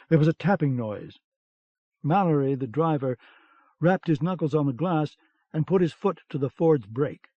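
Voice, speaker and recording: Guy reading a novel aloud, steady, dry close sound, muffled old tape. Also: on the high side, no room sound. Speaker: audiobook narrator. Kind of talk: scripted narration. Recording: dull cassette-era audiobook sound.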